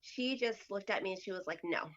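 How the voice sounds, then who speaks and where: A woman guest on a podcast tells a story in a loose, chatty way, padded with fillers and acted-out quotes. Her voice sits mid-pitch, and the recording is dull and lo-fi. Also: fairly quick, fairly bright tone. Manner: chatty, acts out quoted dialogue with lots of fillers. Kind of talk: casual storytelling.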